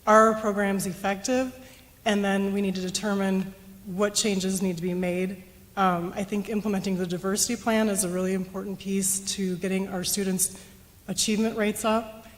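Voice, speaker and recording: A woman's voice: medium pitch, level tone, normal speed. A woman answering as a school board candidate at a public forum, earnest and sprinkled with ums. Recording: long hall reverb.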